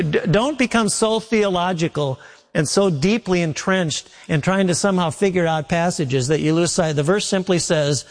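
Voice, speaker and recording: A man preaching a sermon in a folksy, storytelling way, leaning on repeated phrases to drive each point home. His voice sits a little high for a man. It rings out with a long reverb through a big church hall. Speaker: pastor.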